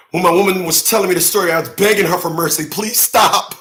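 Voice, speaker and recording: A man with a bright, slightly high voice delivers an emphatic opinion monologue and acts out mock conversations. He laughs at his own jokes along the way. The sound bounces around an echoey room. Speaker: commentary show host. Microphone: livestream setup.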